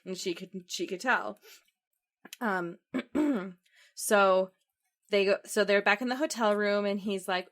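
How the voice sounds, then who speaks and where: A young woman co-hosting a podcast, casually recapping a film and acting out the characters' lines with lively storytelling. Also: medium pitch, slow pace, pauses often. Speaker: podcast co-host.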